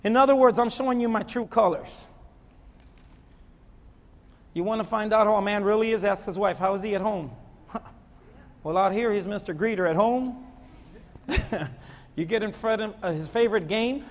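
A man preaching a sermon with a lively delivery that swings from quiet, low stretches to loud, near-shouted pleading. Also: normal speed, long pauses. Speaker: pastor. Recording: long hall reverb.

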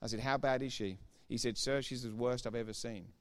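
A man giving a sermon testimony as a preacher, retelling conversations line by line and growing loud and emphatic when he preaches. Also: mid-range voice, fairly even intonation, a little fast. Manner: retells dialogue with repeated "I said, he said".

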